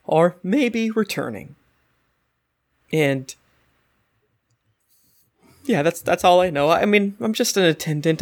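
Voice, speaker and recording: A game master voicing a nervous young female Warforged attendant who rambles and corrects herself mid-sentence. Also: medium pitch. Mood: rambling. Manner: rambling, flustered, self-correcting.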